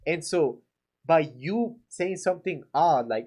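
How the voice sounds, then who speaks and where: A man's voice: on the high side, expressive, takes it slowly, a little mellow. A man coaching painters on winning estimates, talking casually and acting out greetings in playful voices. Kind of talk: casual instructional talk to camera.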